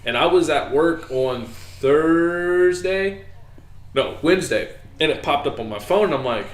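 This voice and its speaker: A man co-hosting a casual podcast chat, telling stories in a lively way and acting out his own reactions. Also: fairly high pitch, measured pace. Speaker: podcast co-host. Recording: echoey room.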